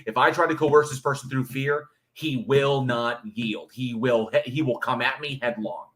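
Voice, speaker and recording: A man's voice: medium pitch, steady tone, normal speed, fairly bright tone. A man co-hosting a casual livestream, bluntly answering viewer chat and swearing freely. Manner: reads viewer chat aloud, blunt and profane. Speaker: livestream co-host.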